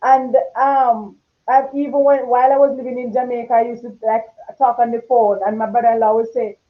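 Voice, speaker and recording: Woman, talk show host, strong forceful tone, loud when passionate, fairly high voice, tinny phone-like sound. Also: flat delivery, a little fast. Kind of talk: casual talk show chat.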